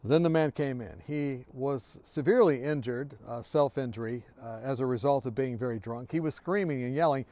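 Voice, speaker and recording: A man giving an earnest devotional talk, telling a story from his workplace and often dropping to a hushed, quiet voice. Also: mid-range voice, normal speed, hardly any pauses. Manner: earnest, sinks to a hushed near-whisper. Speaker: devotional speaker.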